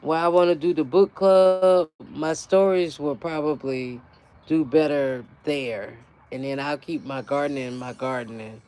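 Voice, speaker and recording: Woman, gardening channel host, casual livestream chat, frequent laughter, profane, animated. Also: low-pitched, measured pace.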